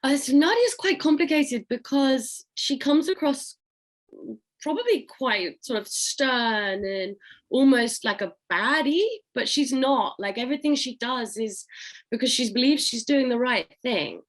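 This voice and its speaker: A young adult woman, an actress, answering interview questions in a relaxed, chatty way. She laughs easily and talks casually about her work. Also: high-pitched, unhurried.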